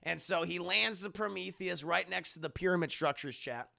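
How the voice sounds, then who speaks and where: A man's voice: high-pitched, moderate pace, vocal fry, bright, forceful tone. A man streaming a casual, profane spoiler recap of a film, rambling and talking to his live chat.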